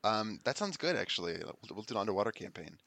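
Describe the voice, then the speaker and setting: A man's voice: on the low side, big pitch swings, quick pace, heavy background noise. A man running a tabletop game as game master, wry and self-deprecating, a bit sniffly from allergies.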